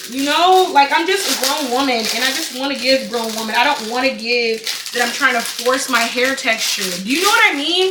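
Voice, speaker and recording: A young adult woman vlogging a casual haul, dramatic, excitable and chatty. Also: high-pitched, noisy background. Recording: echoey room, mic at a distance.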